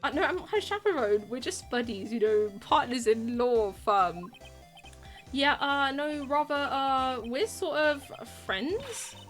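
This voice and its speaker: A woman's voice: high voice, expressive, a little slow, soft background music. Woman doing a hesitant, sheepish young lawyer man. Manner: hesitant, mild, apologetic. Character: awkward young male lawyer, mild and hesitant.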